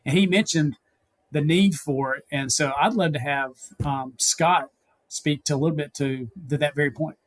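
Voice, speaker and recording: A man's voice: on the high side, steady tone, moderate pace. A man with a Southern American accent asking panelists questions on an industry panel. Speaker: panel participant.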